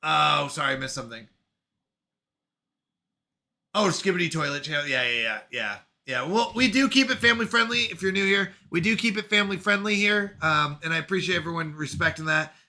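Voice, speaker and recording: A man in his thirties with a high, very bright voice, hosting a casual live stream. He reads viewer messages aloud and answers each one with quick, animated reactions, thanking people and apologizing for falling behind. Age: 30s. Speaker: streamer reading chat.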